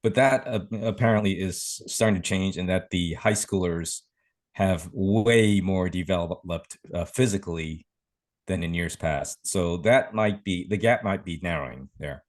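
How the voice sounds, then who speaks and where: Deep-voiced man co-hosting a podcast. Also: measured pace. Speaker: podcast co-host. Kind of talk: casual podcast chat.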